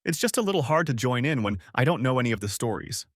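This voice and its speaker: A man's voice: mid-range voice, very animated, fast, dry recording, studio quality. A man voicing an awkward, apologetic young man who stammers as he tries to fit in.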